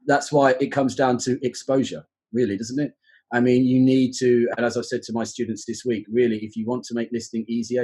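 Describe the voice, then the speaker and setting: A man's voice: medium pitch, darkish tone, breathy edge, low-quality recording. A man, a podcast guest who explains exam teaching in a reflective, conversational way.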